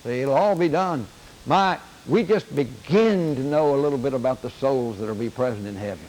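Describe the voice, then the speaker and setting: A man's voice: medium pitch, normal speed, darkish tone, slight background noise, low-quality recording. An older man teaching a Bible class in an earnest lecture, often repeating key phrases for emphasis.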